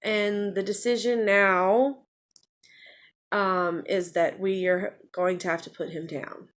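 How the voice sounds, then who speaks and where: A woman's voice: mid-range voice, fairly even intonation, takes it slowly. A middle-aged woman talking candidly in a personal vlog, rambling and repeating phrases. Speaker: vlogger.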